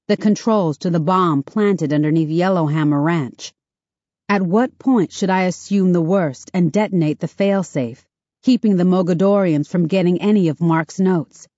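Lady reading an audiobook in first person, kinda low voice, steady, muffled dry sound. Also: no echo. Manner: steady, measured, inward. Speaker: audiobook narrator. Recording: dull, dry studio recording.

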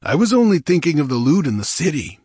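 A man's voice: a little high, big pitch swings, quick pace, darkish tone, slightly rough, dry recording, clean studio sound, pitched above the performer's own voice. A man reading aloud, voicing a hot-tempered, ambitious male bandit chief with a commanding, sardonic manner. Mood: domineering, scornful.

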